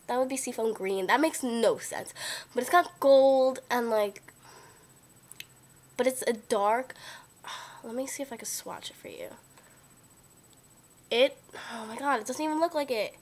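Excitable young woman gushing about makeup. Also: fairly high pitch. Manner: gushing, excitable, lots of "like" and "oh my God". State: sick, voice lower than usual. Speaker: beauty vlogger. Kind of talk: casual chat. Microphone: built-in computer webcam mic.

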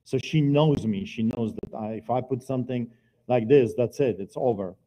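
A middle-aged man preaching a personal testimony at a church service, earnest and by turns quiet and forceful. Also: mid-range voice, normal speed, noisy background. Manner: earnest, swings between quiet and loud. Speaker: guest preacher giving testimony. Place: church sanctuary, live service.

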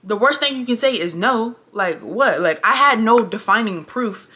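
A young woman telling a story on her vlog in a casual, animated, blunt way, cursing often, recorded indoors at close range. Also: a little high, moderate pace. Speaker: vlogger. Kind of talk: casual storytime while getting ready.

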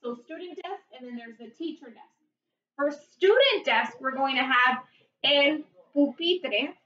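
A woman teaching a vocabulary lesson, saying each word slowly and carefully. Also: sits high, lively intonation, a bit bright, far from the mic. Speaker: Spanish teacher. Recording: dull, roomy sound from off-mic.

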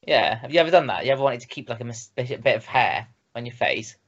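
A man's voice: medium pitch, animated, fast talker, a bit bright, lo-fi sound. A young man co-hosting a reaction video, laughing through crude casual banter.

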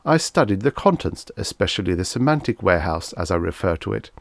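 A man's voice: sits low, big pitch swings, fairly quick, vocal fry, no echo, clean studio sound, exaggerated voice. A man voicing a courteous, good-natured alien creature that speaks formally in a vintage science fiction audiobook. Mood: genteel.

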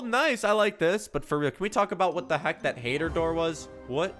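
A man giving excitable gameplay commentary with dramatic reactions. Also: high-pitched, a little fast, few pauses, soft background music. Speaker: gaming YouTuber.

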